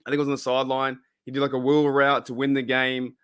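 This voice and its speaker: A man with an Australian accent hosts a relaxed live stream from his room. He rambles with plenty of ums and likes and greets chat viewers one by one. His voice sits at an average pitch and the sound is dry and close. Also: fast, clear, resonant tone, no echo.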